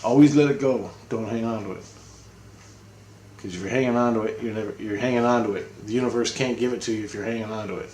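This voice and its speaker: A man's voice: lowish voice, steady tone, fast, darkish tone, roomy sound, a little hiss or hum. A man giving a rambling, casual spiritual monologue at home, swearing and repeating himself. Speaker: spiritual vlogger. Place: apartment, indoors.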